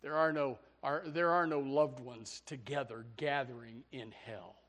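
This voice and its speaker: A man preaching a fiery sermon, swinging from loud shouts to hushed low passages, often stammering and repeating words. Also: a little slow. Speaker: pastor.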